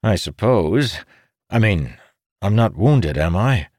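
A man's voice: fairly low pitch, lively intonation, slow pace, a little mellow, no echo, studio quality, voice pushed up. A man voicing a stubborn, cocky young hero in a storybook. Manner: defiant, flippant.

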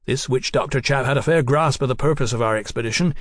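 A man voicing a gruff, hearty middle-aged explorer in a storybook reading. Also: medium pitch, fast, no echo, studio quality, close to an everyday voice.

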